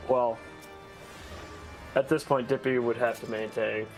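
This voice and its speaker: A man's voice: medium pitch, measured pace. Man explaining raid tactics over game music. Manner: relaxed, explains raid tactics, laughs often. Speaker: streamer. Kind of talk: casual gaming chat with friends. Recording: faint game music behind.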